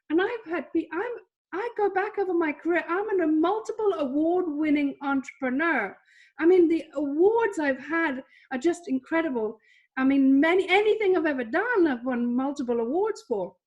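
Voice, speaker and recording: A middle-aged woman coaching on a webinar, telling a personal story in an animated, confessional way with bursts of emphasis. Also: high voice. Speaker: trading coach. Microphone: webinar microphone.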